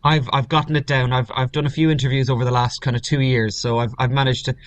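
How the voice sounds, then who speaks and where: A man's voice: mid-range voice, flat delivery, quick pace, no echo. An Irish man, an actor, chatting in a friendly, articulate way as a guest over a video call. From Ireland. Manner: friendly, articulate, occasional restarts.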